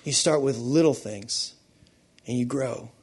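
A man preaching a sermon to a church congregation, swinging from hushed, quiet stretches to loud, fervent peaks. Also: medium pitch, unhurried, husky. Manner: impassioned, building from hushed to loud. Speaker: pastor.

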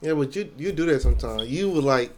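A man co-hosting a casual podcast, relaxed and teasing, speaking bluntly with slang and swearing. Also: medium pitch, fast talker, noisy background. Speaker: podcast co-host. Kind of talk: casual chat.

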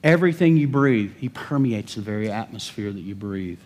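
A male pastor preaching a lively sermon, joking with the congregation and building emphasis. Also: on the low side, a little fast. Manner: animated, humorous preaching with rising emphasis.

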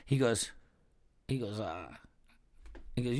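An American man chatting casually on a podcast, spinning a rambling, profanity-laced story. His voice sits at an ordinary pitch, and he leans on fillers like "like" and "you know.". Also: unhurried, pauses often, no room sound.

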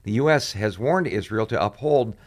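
A man, a pastor and show host, commenting on current events and reading quotes aloud, pausing often with "uh" fillers. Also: fairly low pitch, expressive. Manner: frequent "uh" fillers, reads quotes aloud with rising intensity.

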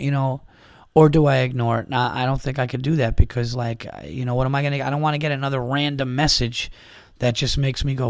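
A man's voice: mid-range voice, fairly even intonation, brisk, gravelly, dry recording, clean studio sound. A man hosting a podcast on his own, talking in a rambling, exasperated and profane way, full of restarts and asides. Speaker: podcast host. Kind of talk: casual solo podcast monologue.

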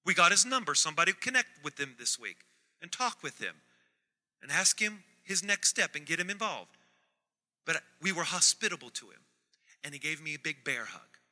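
A man preaching a sermon as pastor, swinging from soft asides to loud emphatic repetition. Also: a little high, big pitch swings, normal speed. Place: church sanctuary. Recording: reverberant church hall.

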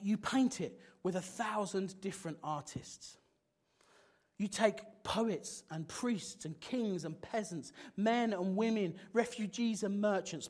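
A man preaching a sermon with passion, swinging from loud exclamations to hushed, intense moments. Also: high-pitched.

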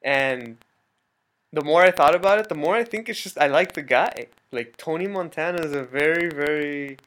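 A man's voice: fairly high pitch, moderate pace, fairly bright tone, low-quality recording. A young man co-hosting a podcast, talking casually and thinking aloud with some hesitation. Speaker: podcast co-host. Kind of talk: casual chat.

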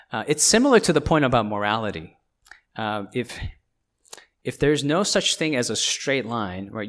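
Lower-voiced man preaching conversationally. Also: fairly bright tone. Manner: conversational preaching, frequent "right?" tag questions and restarts. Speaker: pastor. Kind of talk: sermon.

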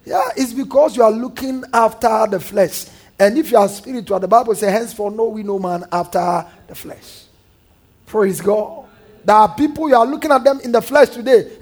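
A male pastor gives a lively sermon in a high, husky voice. He frequently engages the congregation in call-and-response and imitates the words of scoffers.

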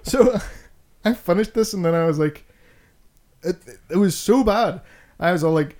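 A man's voice: high voice, unhurried, long pauses, a little mellow, slight background noise. Ranting, foul-mouthed male podcast host. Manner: ranting, heavy swearing; laughs between complaints. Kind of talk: casual chat.

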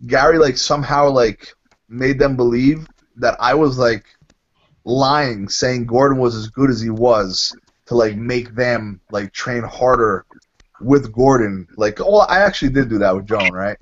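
Profane, animated man telling stories. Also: mid-range voice, a little slow, dull audio. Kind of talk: casual podcast chat.

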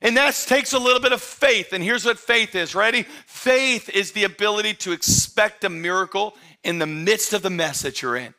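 Pastor guy preaching, high bright voice, chatty with the crowd then getting loud and fired up. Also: moderate pace, few pauses. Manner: emphatic, rising to shouts of excitement; conversational, addresses the congregation directly. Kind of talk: sermon.

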